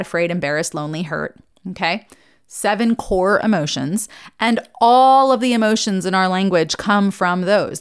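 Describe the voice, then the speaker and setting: Brief: female therapist-host, mid pitch, smooth clear voice, chatty explainer who keeps checking in. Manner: conversational, explanatory, frequent "okay?" check-ins. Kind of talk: podcast teaching monologue.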